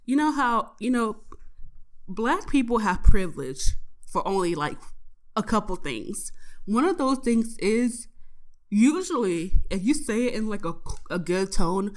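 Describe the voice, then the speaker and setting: Recording a laid-back audio diary, a young adult college student recounts her day with plenty of swearing. She speaks in a mid-range, slightly unhurried voice, animated and laughing throughout.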